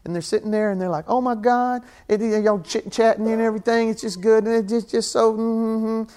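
A man's voice: sits high, flat delivery, brisk, mellow, clean tone. A man preaching a sermon in a church, chatting with the congregation and acting out little scenes, then building into fervent repetition. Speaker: pastor.

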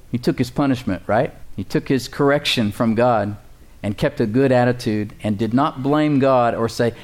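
A man's voice: medium pitch, normal speed, a little mellow. A man preaching a sermon as pastor, conversational and joking, building up emphasis in places.

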